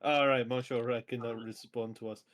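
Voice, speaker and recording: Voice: medium pitch, little pitch movement, normal speed. A player chatting casually during a tabletop game session, playful and laughing often.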